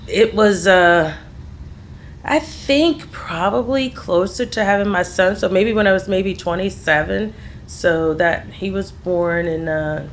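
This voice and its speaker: A woman's voice: lowish voice, fairly bright tone, slight background noise. A middle-aged woman, a podcast guest, telling her life story in candid conversation and laughing easily. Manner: laughs readily, trails off and restarts.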